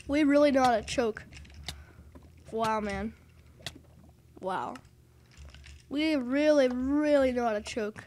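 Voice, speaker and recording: A woman with a bright, high voice narrates her gameplay live. She is excitable and self-mocking and keeps crying out over missed jumps. Faint keyboard clicks sit under her voice. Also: a little hiss or hum. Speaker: gaming video host.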